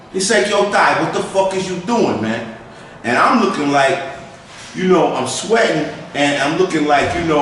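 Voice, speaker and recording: A man tells a profane, animated story with lots of restarts in an interview. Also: a little high. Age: 50s. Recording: echoey room, distant mic, faint noise.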